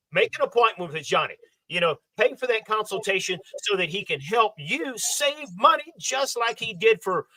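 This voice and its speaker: High bright guy hosting a podcast, pushy and persuasive, dry close sound. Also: dry recording, low-quality recording. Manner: persuasive, pitching, lots of fillers. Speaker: podcast co-host. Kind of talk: casual podcast talk.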